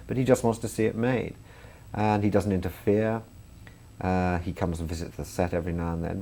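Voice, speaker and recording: A man's voice: deep voice, creaky, dark tone, breathy edge. A man, a comedian and filmmaker chatting in an interview and laughing through his stories. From England. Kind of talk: interview anecdotes.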